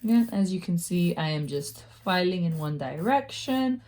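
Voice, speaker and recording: Woman, low mellow voice, casual chatty how-to vlogger who pokes fun at herself. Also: lively intonation, moderate pace. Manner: chatty and self-mocking, laughs at herself. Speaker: beauty vlogger. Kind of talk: casual nail-care tutorial.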